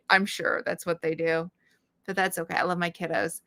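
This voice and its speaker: A woman's voice: fairly high pitch, moderate pace, fairly bright tone. A middle-aged woman hosting a casual livestream chat, rambling with many fillers and restarts and laughing often. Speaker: livestream host.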